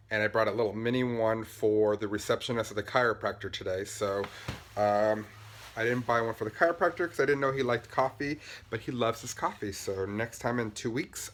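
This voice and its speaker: Buzzing on caffeine, a podcast host with a somewhat low, slightly bright voice talks fast while showing things off in a casual show-and-tell chat. He's chatty and upbeat, rambling loosely with many ums, fillers, and asides.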